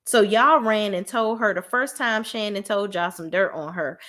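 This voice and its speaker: A woman's voice: mid-range voice, moderate pace. A woman giving a blunt, profane review of a reality TV show in a casual vlog, acting out the cast's lines. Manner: blunt, profane, animated, acts out quoted lines.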